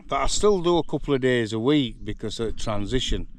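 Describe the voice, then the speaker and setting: A man's voice: mid-range voice, lively intonation, a little fast, a little hiss or hum. An older man with a Yorkshire accent, chatting casually to camera on his farm and talking fondly to his donkeys. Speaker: farm vlogger. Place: outdoors in a farm paddock.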